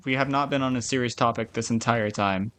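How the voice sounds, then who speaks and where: A young man streaming a video game, chatting casually with viewers, swearing often and venting loudly at the game. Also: medium pitch, steady tone, fairly quick. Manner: loud, swearing, frustrated outbursts and laughing. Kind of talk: casual gaming stream chat.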